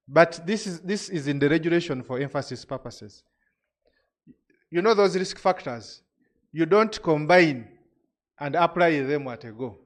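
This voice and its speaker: A man presenting regulations to an industry audience, explaining step by step with frequent restarts. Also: fairly high pitch.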